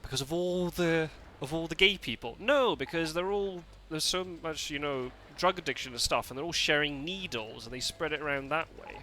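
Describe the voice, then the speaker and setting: A man's voice: on the high side, moderate pace, hardly any pauses, pushed and bright. A Scottish man streaming a game live, chatting casually with his viewers, often laughing and restarting his sentences. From Scotland.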